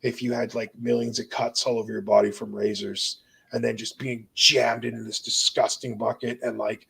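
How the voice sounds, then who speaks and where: This young man's mid-range voice is gravelly, husky, and a bit bright, holding a level tone at a moderate pace. He's a guest recounting his near-death experience, an earnest, intense, and emotional testimony told casually, with plenty of "dude" and "bro."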